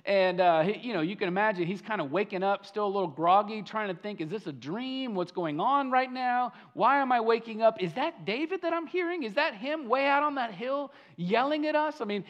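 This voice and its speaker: A man with a fairly high voice preaches a sermon. He tells the story with animation, acting out what the figures say, and he often repeats words and restarts sentences. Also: lo-fi sound. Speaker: pastor.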